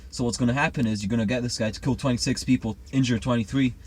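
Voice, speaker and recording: A man's voice: mid-range voice, fairly even intonation, rapid-fire, husky. A man chatting casually and rambling confidently through a conspiracy theory. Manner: rambling, self-assured. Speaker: co-host.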